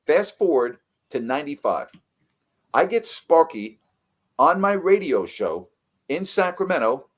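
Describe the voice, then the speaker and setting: A middle-aged man, a veteran sports broadcaster, telling stories in a casual chat with lively jumps in his voice for emphasis. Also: fairly high pitch, measured pace. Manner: animated storyteller, voice jumps up for emphasis.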